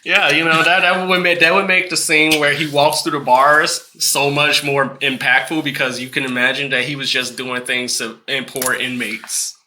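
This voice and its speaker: Man, podcast co-host, loose comedic riffing, very bright tone, slightly high voice. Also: flat delivery, normal speed, hardly any pauses, slight background noise. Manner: loose, riffing, swearing, laughing often. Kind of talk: casual comedic banter.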